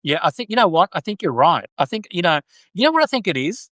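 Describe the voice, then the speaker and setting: A man's voice: high-pitched, sing-song, fast talker, fairly bright tone, no room sound. An Australian man hosting a casual live stream, chatty and joking, with many restarts. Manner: joking, chatty, many restarts, reads viewer comments aloud. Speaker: podcast host.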